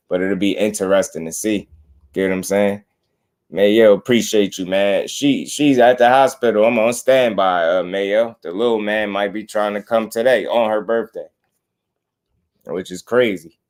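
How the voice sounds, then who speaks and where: A man's voice: lowish voice, darkish tone. A man hosting a boxing channel live stream, chatting casually with slangy, laid-back talk and greeting viewers.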